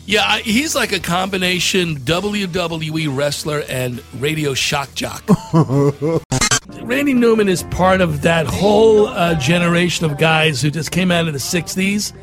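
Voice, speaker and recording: A man's voice: high-pitched, expressive, unhurried, over music. A man hosting a talk show, chatting with sarcastic, mocking humor and frequent laughs. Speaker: radio host. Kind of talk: casual chat commentary.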